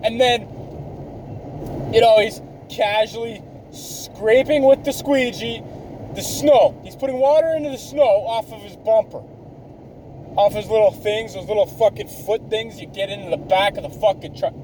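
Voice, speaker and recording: A man's voice: high-pitched, normal speed, a little mellow, a little hiss or hum, poor audio. A man in his thirties hosting a podcast, rambling in a profane, ranting, self-mocking monologue. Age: 30s. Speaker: podcast host.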